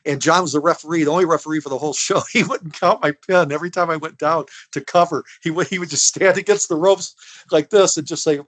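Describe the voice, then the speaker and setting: A man in his sixties , an interview guest tells rambling, folksy stories with a fairly high voice. He acts out the people in his tales as he goes. The sound is close and dry. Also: fast, dry recording. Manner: animated storyteller who acts out other people's lines; folksy, rambling, with restarts and laughter. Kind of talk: casual storytelling.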